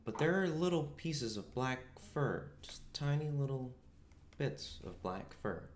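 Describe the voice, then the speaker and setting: A man's voice: medium pitch, very animated, unhurried, reverberant, slight background noise. A man narrating as game master in a laid-back, casual way, swearing now and then.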